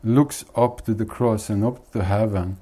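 Slow-talking man telling a joke. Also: fairly low pitch, fairly even intonation, dark tone. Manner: unhurried, chuckling often. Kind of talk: casual talk, telling a joke.

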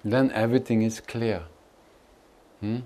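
Gentle, teasing spiritual teacher, a man. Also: on the low side, measured pace, rough recording. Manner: calm and gentle, turning to teasing and laughing. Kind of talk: addressing an audience at a gathering.

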